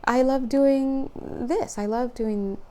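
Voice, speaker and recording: A young woman hosting a casual card-reading video, chatty and rambling, laughing often and getting excited as she talks. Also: high-pitched, slow pace. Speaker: spiritual card reader.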